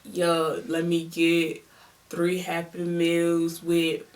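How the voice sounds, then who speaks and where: Woman doing a smooth Louisiana flirt. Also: fairly low pitch, monotone, very slow, far from the mic, a little hiss or hum.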